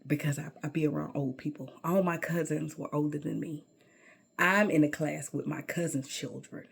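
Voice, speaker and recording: A woman's voice: deep voice, breathy edge. A middle-aged woman telling a personal story in a sassy, emphatic way, often calling the listener baby.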